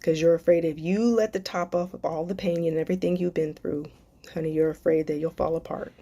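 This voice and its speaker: A woman's voice: low voice, fairly even intonation, brisk, mellow. A woman hosting a live stream Q&A as a life coach, speaking affectionately and emotionally to viewers with spiritual encouragement, calling them darling and sweetheart.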